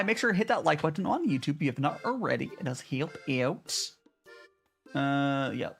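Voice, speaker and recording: A man's voice: a little high, animated, normal speed, creaky, fairly bright tone, soft background music. A man streaming casually from home in Japan, chatting with viewers and answering their messages, with frequent restarts. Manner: chatty, reads and answers chat, many restarts. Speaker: VTuber streamer. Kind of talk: casual live-stream chat.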